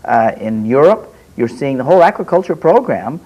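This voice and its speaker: A man's voice: medium pitch, big pitch swings, moderate pace, darkish tone, poor audio. A man speaks as a committee member on a talk-show panel. His voice sits in the middle range. He sounds earnest and hesitates with fillers as he goes. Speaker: member of Parliament on fisheries committee. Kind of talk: panel discussion.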